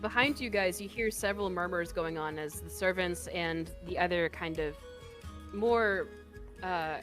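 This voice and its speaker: A woman's voice: lowish voice, a little slow, fairly bright tone, faint music behind. A woman narrating as game master of a tabletop game, laughing often between lines.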